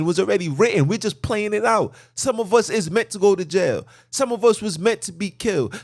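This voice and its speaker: A man's voice: sits high, no room sound, clean studio sound. An agitated man ranting fervently from a car, preachy and repetitive as he hammers his points. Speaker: podcast host. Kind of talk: impassioned rant.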